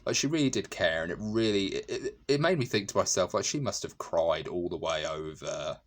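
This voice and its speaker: A man with a very low, deep voice talks through a film he loved in a casual review monologue. He rambles warmly, restarting sentences and leaning on "you know." Laughter breaks in often. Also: animated, a little fast. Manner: chatty and emotional, frequent fillers and restarts; laughs often while talking.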